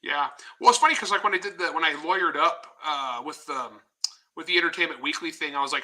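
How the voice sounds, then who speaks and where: A man, a guest author in a casual interview, telling stories in a blunt, animated way with some swearing. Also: a little high, fairly quick, rough recording.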